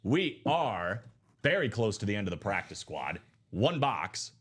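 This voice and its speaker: A man's voice: on the low side, sing-song, slightly rough. A man hosting a live sports card break stream, rattling off lists in hyped, chatty sales patter. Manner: rapid listing, hyped and chatty.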